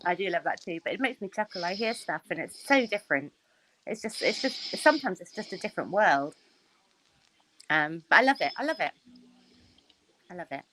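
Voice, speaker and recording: A woman's voice: lowish voice, expressive, a little fast, pauses often, pushed and bright, slight background noise. A woman chatting casually as a guest, laughing often between her lines. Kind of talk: casual chat.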